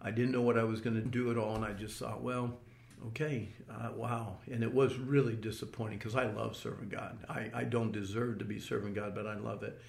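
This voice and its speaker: A man's voice: fairly low pitch, flat delivery, fast talker, vocal fry, few pauses, roomy sound. An older man earnestly recounting a personal experience in an interview, often restarting his words. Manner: earnest storytelling with repeated restarts. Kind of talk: personal testimony.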